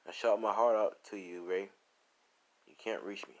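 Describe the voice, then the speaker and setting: A man voicing a bitter young man who answers his former lover in a flat, dismissive tone. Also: lowish voice, normal speed, dull audio, close to an everyday voice. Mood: cold.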